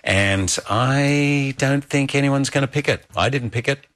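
A middle-aged male actor in a relaxed interview, enthusiastic and gushing, laughing easily as he talks. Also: medium pitch, unhurried. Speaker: actor interviewed about his film.

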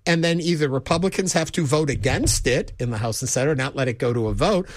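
A man's voice: mid-range voice, fast, dry recording, studio quality. A man co-hosting a call-in talk radio show, thinking aloud and inviting listeners to call.

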